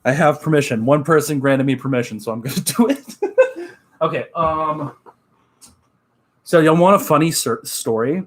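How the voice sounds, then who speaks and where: A man's voice: mid-range voice, a bit bright. A young man from Texas, chatting casually to his live stream chat and telling a story with many fillers and asides. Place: at home.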